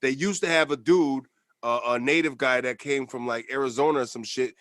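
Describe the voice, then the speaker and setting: A man's voice: medium pitch, steady tone, brisk, fairly bright tone, no room sound. Joking man on a casual podcast. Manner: laughs often, swears, loose and joking. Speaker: podcast co-host.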